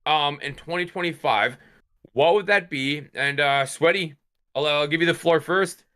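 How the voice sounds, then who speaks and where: Male podcast host, fairly high and bright voice, friendly and earnest. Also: normal speed, clean tone. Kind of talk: casual podcast chat.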